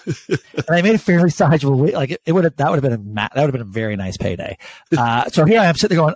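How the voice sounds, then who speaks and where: A man's voice: on the high side, very fast, dry recording. A man co-hosting a casual sports podcast, telling stories about his bets with lots of swearing. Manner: animated, swearing, storytelling. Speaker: podcast co-host.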